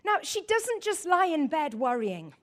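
A woman preaching a lively sermon, joking with her audience and acting out scenes. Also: extremely high pitch, unhurried. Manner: animated, laughing, acts out voices.

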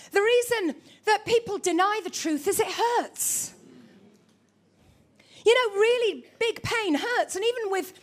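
A middle-aged woman preacher giving a sermon to a church congregation, lively and humorous, teasing her listeners. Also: very high voice.

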